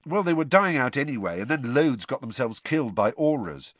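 A blustering, awkward teenage boy , voiced by a man, fumbles and restarts, his voice pitched up and bouncing around. The sound is close and dry. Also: sing-song, a little fast, fairly bright tone, no echo. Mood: fumbling chatty.

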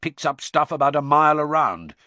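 A man reading aloud and voicing a gruff, suspicious old male wizard who growls his words, in a storybook reading. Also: on the high side, sing-song, fairly quick, bright, forceful tone, dry recording, voice pushed up.

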